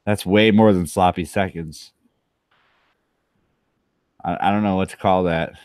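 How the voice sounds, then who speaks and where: Tipsy man rambling slowly. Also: low-pitched, steady tone, darkish tone, clear, resonant tone, no room sound, studio quality. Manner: meandering, self-mocking, crude asides. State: tipsy from rum. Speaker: channel host. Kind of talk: rambling solo commentary.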